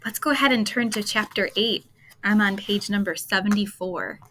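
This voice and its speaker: A woman reading a children's chapter book aloud at bedtime, expressive and playful, talking to young listeners. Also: mid-range voice, moderate pace, slight background noise. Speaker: storytime reader.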